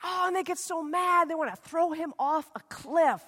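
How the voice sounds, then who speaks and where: A woman preacher tells a scripture story in a casual, animated sermon. Her voice sits high. A long reverb trails her words around the worship hall. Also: moderate pace.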